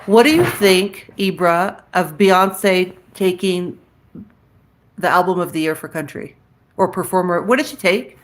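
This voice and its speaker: A woman with a lowish voice speaks unhurriedly while hosting a casual livestream. She chats frankly with viewers, answers their comments aloud, and lets the odd curse word slip.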